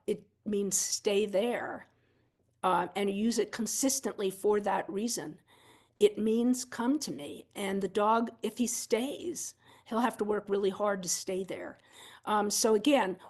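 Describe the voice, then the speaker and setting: A woman instructor talks a seminar audience through video clips in a relaxed, conversational way. Her voice sits at an ordinary middle pitch, and she explains patiently with casual fillers. She is candid and often pokes fun at her own mistakes. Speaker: dog sport instructor giving a seminar talk.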